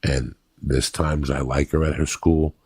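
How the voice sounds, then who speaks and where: A man's voice: a bass voice, flat delivery, a little slow, a little mellow, slightly rough, no echo. A man hosting a casual chat, talking bluntly and earnestly with plenty of swearing. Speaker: podcast host.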